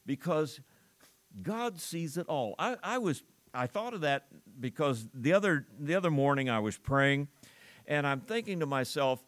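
A man's voice: on the high side, animated, moderate pace, a bit bright, no room sound. An older man preaching a sermon, talking it through in a conversational way with rhetorical questions and read-aloud scripture.

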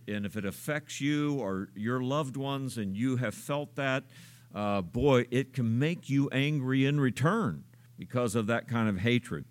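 Preaching unhurriedly, a male pastor speaks in an even voice pitched in the middle range. He lingers on filler sounds and asks his congregation questions as the sermon goes on.

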